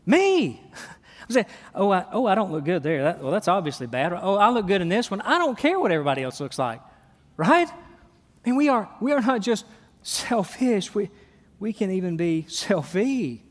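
A man's voice: high voice, big pitch swings, normal speed. A middle-aged man preaching a sermon. He talks animatedly and acts out little scenes in his own voice. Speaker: pastor. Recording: long reverb of a church hall.

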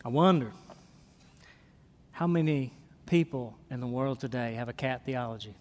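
A man's voice: mid-range voice, normal speed, pauses often, a little mellow. A middle-aged man preaching a sermon. He talks animatedly and acts out little scenes in his own voice. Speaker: pastor. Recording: long reverb of a church hall.

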